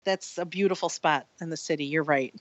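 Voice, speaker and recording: A woman's voice: low-pitched, brisk, no echo. A woman from Chicago with a Chicago accent, a guest in an interview, talking with enthusiasm and laughing easily. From Chicago, United States. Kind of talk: conversational interview. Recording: dull remote call audio.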